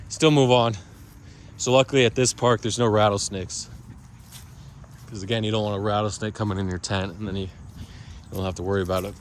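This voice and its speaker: A man's voice: lowish voice, a little hiss or hum. A man vlogging about crypto and his day in a loose, digressive monologue full of restarts and asides. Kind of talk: casual rambling monologue.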